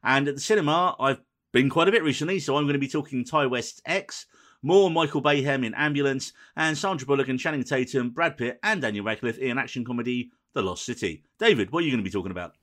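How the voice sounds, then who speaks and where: Fast-talking podcast host. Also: male voice, medium pitch, fairly bright tone. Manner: quick, dry and teasing, running the episode rundown. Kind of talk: casual podcast chat.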